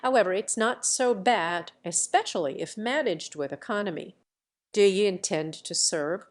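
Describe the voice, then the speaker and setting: A woman's voice: medium pitch, lively intonation, moderate pace, natural voice. A woman voicing a proud young woman who speaks in a composed, coolly businesslike way. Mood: mocking.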